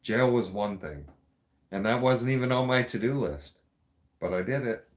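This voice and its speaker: A man's voice: mid-range voice, animated, normal speed. A man hosting a podcast, telling stories casually in a blunt, profane way and laughing often. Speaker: podcast host. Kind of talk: casual storytelling.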